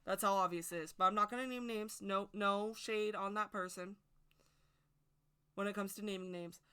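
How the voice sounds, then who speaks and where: A woman's voice: mid-range voice, steady tone, normal speed, sharp tone, clean tone. A woman giving a casual, rambling opinion monologue to camera as a witchcraft video creator, speaking emphatically and straight to her viewers.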